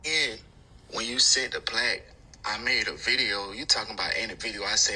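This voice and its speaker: A man's voice: mid-range voice, moderate pace, pushed and bright, breathy edge, poor audio. A man arguing back defensively in blunt, slangy talk. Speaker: rapper in a feud. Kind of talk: defensive argument.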